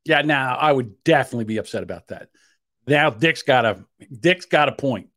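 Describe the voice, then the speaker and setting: A man's voice: medium pitch, normal speed, dry recording, clean studio sound. A man co-hosting a casual podcast, telling rambling stories and acting out the people in them. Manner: animated, acts out voices in his stories. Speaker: podcast co-host. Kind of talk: casual chat, storytelling rants.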